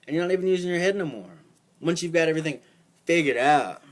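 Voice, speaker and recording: A man's voice: fairly high pitch, fast. A young man giving a casual, profane, rambling rant to camera, full of fillers and rising heat. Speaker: vlogger. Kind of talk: casual ranting monologue.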